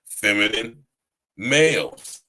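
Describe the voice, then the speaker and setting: A man's voice: fairly low pitch, animated, takes it slowly, pushed and bright, poor audio. A man hosting a casual live podcast, talking loose and profane with lots of slang and laughter. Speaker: podcast host. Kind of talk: casual live-stream chat.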